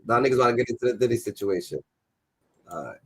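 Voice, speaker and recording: A man hosting a casual reaction commentary, loud and profane, riffing on a clip with repeated filler phrases. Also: mid-range voice, lively intonation, fast talker. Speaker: commentary host.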